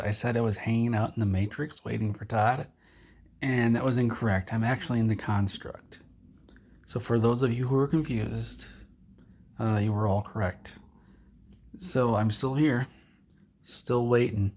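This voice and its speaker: A man vlogger telling a rambling comic tall tale to the camera in a deadpan way, with a gravelly voice. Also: medium pitch, a little hiss or hum.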